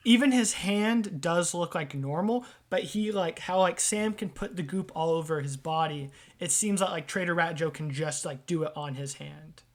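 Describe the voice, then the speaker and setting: A woman's voice: fairly low pitch, normal speed, hardly any pauses. A woman narrating as game master in a tabletop game, speaking casually with lots of filler words. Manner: casual, loose, full of fillers.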